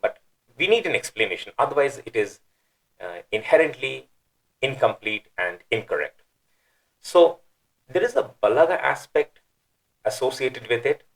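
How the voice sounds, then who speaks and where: A man teaching, explaining a scripture translation patiently, repeating phrases and pausing with fillers. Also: medium pitch, big pitch swings, gravelly, rough recording. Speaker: Quran teacher.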